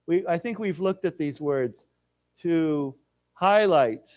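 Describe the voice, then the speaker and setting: A man teaching an English vocabulary lesson in a library lecture room. He explains each word slowly and leads the class in repeating it. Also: on the high side, lively intonation, dark tone, no echo.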